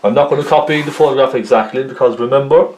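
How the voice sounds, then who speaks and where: A man's voice: mid-range voice, fast talker, darkish tone. A man talking through a painting tutorial in a friendly, rambling way, full of ums and "isn't it?" tags. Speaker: painting teacher. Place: painting studio, indoors. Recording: echoey studio room.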